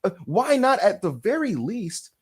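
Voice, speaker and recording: A wrestling podcast co-host with a high, husky voice, speaking unhurriedly. He rants casually and profanely, telling animated, exaggerated stories.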